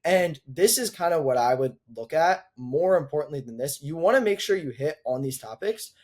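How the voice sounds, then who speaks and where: A man's voice: a little high, lively intonation, darkish tone. Casual young man coaching on sales. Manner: casual, filler-heavy, quick asides, acts out calls. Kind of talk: casual teaching to camera.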